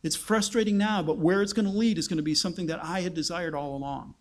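A man voicing God as a calm, all-knowing male deity speaking in a steady, matter-of-fact way. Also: sits high, fast, natural voice. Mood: patient.

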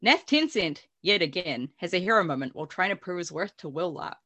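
A woman's voice: lowish voice, lively intonation, fairly quick, sharp tone. A woman podcast host casually recapping book chapters, giggly and swearing freely.

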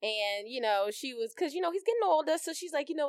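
A woman's voice: high-pitched, lively intonation, fast talker, no echo, clean studio sound. A mother in her thirties co-hosting a podcast, chatting casually, swearing freely and laughing through her stories. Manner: profane, laughing storyteller. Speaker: podcast co-host. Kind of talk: casual chat.

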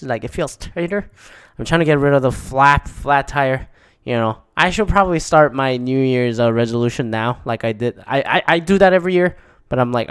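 A man's voice: mid-range voice, clear, resonant tone, no room sound, studio quality. A man hosting his own show, talking alone in a rambling, profane way with frequent restarts. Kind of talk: casual solo monologue.

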